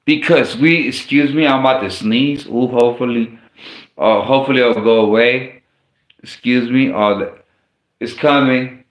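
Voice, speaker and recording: In an echoey room, a man with a medium-pitched voice and measured pace preaches informally and reads scripture. His speech is casual and slangy, with frequent stumbles and restarts.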